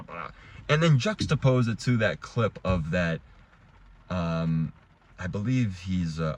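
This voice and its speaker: Deep-voiced man ranting about faith. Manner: heated, rambling, restarts, swears. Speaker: vlogger. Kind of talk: casual rant to camera.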